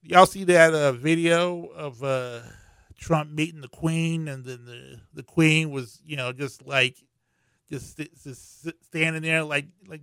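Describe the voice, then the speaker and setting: A man running a profane, meandering comic take on current events, stumbling through fillers. His voice is slightly high, bright and smooth, recorded close and dry. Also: fairly even intonation, slow pace, no room sound. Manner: profane, rambling, with many fillers. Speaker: comedian commenting on news. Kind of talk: comedic news commentary.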